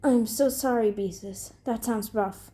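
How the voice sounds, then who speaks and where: A woman voicing a gentle, comforting lady with a Spanish accent. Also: a little high, unhurried, lightly acted.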